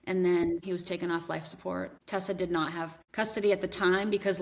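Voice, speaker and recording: Woman advocate on a podcast, lowish voice, earnest and emotional, stops and restarts often. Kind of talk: podcast conversation.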